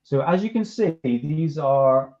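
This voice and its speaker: Male podcast host, casual chat, dark mellow tone, dull lo-fi sound. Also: a little high, animated, slow. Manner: laid-back, chuckling, restarts a lot.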